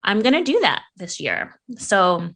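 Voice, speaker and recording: A young woman co-hosting a podcast in casual chat, playful and quick to laugh, swearing freely. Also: medium pitch, big pitch swings, creaky, fairly bright tone. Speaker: podcast co-host.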